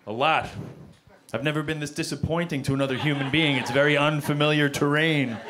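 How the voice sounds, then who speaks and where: A man, performing a self-deprecating stand-up set on a comedy club stage with a handheld mic. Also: fairly high pitch. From Queens, New York. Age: 40s. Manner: wry, self-deprecating, deadpan delivery. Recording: live club recording with audible crowd noise. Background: audience laughter and club noise.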